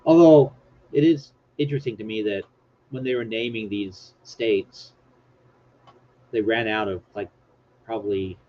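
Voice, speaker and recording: A man's voice: lowish voice, fairly even intonation, unhurried, long pauses. Rambling self-mocking male stream host. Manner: rambling, self-mocking, reads from screen aloud. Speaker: livestream host. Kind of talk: casual live-stream chat. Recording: dull lo-fi stream audio with faint hiss.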